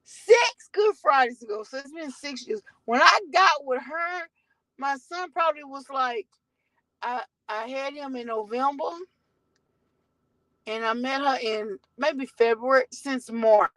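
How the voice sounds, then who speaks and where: A woman's voice: high-pitched, unhurried, a bit bright, dry recording, poor audio. A woman vlogging from her car, telling a rambling, profane story to her viewers.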